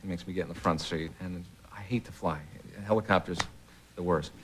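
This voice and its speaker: Low-voiced man telling a rambling story. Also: steady tone, a little hiss or hum. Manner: rambling storyteller, halting with many uhs. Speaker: guest comedian. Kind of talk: talk show anecdote. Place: television studio with audience.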